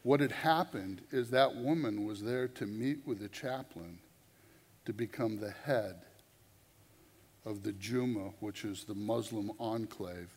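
A man preaching a sermon through a story, animated and conversational, often repeating his words. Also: on the low side, a little hiss or hum. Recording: long reverb of a large hall.

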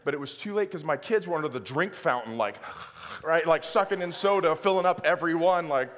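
Animated man preaching in a reverberant hall. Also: a little high, brisk. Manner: animated, self-deprecating, swings into loud exaggerated outbursts. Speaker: pastor. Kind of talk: sermon with personal storytelling.

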